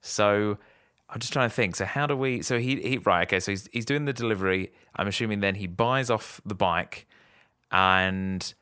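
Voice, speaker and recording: A man with a low voice musing out loud, halting and correcting himself as he works things out. The sound is dry and close-miked. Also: smooth, no room sound. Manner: halting, thinks aloud, self-correcting. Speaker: podcast co-host guessing a film's plot. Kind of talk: casual chat.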